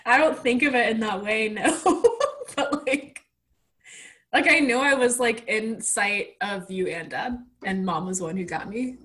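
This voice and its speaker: A woman's voice: a little high, a little slow, fairly bright tone. A woman in casual chat as a podcast co-host, laughing often and using many fillers.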